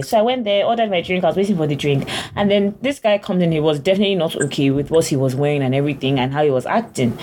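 A young Nigerian woman co-hosting a casual chat, telling stories in an animated way with plenty of "like". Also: sits low, rapid-fire, a little hiss or hum. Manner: animated storyteller, fillers of "like". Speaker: podcast co-host.

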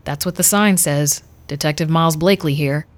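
A woman voicing a big, gruff male detective who is not human and talks in curt, dry lines in an audio story. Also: low-pitched, a little fast, dry recording, natural voice.

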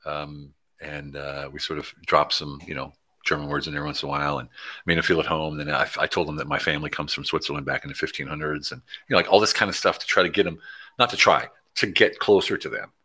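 Deep, bright-toned storytelling man. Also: quick pace. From Pennsylvania, USA. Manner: animated storyteller acting out quoted dialogue. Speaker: interview guest, entrepreneur. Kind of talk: casual interview storytelling.

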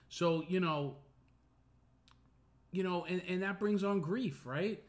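Middle-aged male podcast host, earnest and rambling, voice sits a bit high. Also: fairly even intonation, slow pace, long pauses. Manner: earnest, many fillers and restarts. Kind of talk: casual personal monologue.

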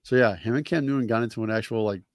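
Co-host, male, mid-pitched, stammers and repeats words, easygoing, dry mic. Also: rapid-fire, no room sound. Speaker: podcast co-host. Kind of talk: casual sports chat.

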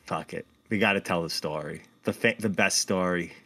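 A man co-hosting a podcast, chatting casually in a jokey, animated way and swearing freely. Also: sits low, moderate pace. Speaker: podcast co-host. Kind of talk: casual chat.

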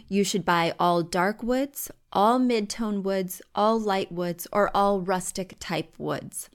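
A woman hosting a podcast from home, giving chatty, emphatic design advice. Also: mid-range voice.

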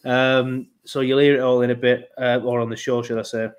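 A man's voice: medium pitch, little pitch movement, a little fast, clean tone, highs cut off. A young man hosting a casual football podcast, rambling with frequent ums. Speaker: podcast host.

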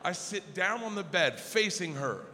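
A man doing stand-up storytelling on stage, animated and slipping into voices for the people he quotes. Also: sits high, moderate pace, slight background noise. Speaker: stand-up comedian. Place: large theater stage before a live audience. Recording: live concert hall with long reverb.

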